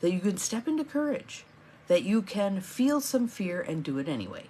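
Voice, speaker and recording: A woman's voice: medium pitch, sing-song, normal speed, warm tone, a little hiss or hum. A middle-aged woman hosting a live morning coaching stream, chatty and encouraging, greeting viewers by name as they join.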